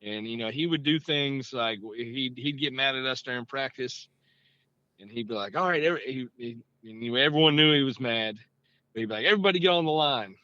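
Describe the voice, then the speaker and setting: A man in his late thirties, a coach telling stories in a laid-back interview, with a bright, slightly tense voice. He fills his talk with "you know" and livens up as the stories build. The recording is dry and a little dull, like lo-fi. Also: medium pitch, normal speed, no room sound. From Georgia, US. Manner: relaxed, leans on "you know", gets animated telling stories. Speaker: high school head football coach, guest. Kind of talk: casual interview storytelling.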